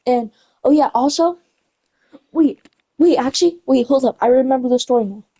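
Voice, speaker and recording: A woman's voice: sits high, moderate pace, warm tone, husky, poor audio. A young woman chatting casually while gaming, rambling through a story and often correcting herself and losing her place. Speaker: gamer retelling a story.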